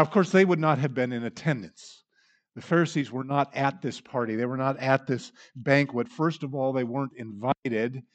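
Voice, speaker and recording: Delivering a sermon with dramatic flair, a medium-pitched man acts out the voices of those he quotes and swings between loud and hushed.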